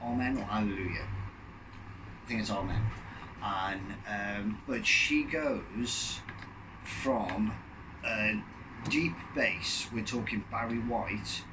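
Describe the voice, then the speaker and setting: Man, enthusiastic chatter, low voice, far from the mic, noisy background. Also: slow pace, pauses often. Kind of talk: casual chat.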